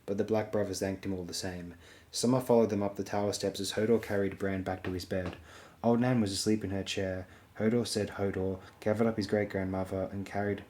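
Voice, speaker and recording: A man reading an audiobook aloud in a steady, measured way, voicing all the figures himself. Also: sits low. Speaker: audiobook narrator.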